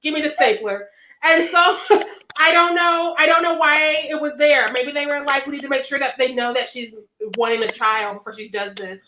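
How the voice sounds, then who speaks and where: A woman's voice: high voice, moderate pace, pushed and bright, slight background noise. A woman on a podcast ranting bluntly and with exasperation in casual chat. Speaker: podcast co-host. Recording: echoey room.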